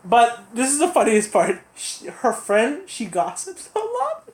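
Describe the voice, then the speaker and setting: A man's voice: huge pitch swings, measured pace, noisy background. Rambling young man, roomy echo. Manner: rambling storyteller who acts out quotes in high voices. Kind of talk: casual podcast chat.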